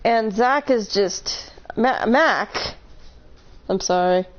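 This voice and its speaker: A woman's voice: a little high, slow, dull audio, slight background noise. A woman casually telling a long story on a live stream, rambling, correcting herself and laughing between points.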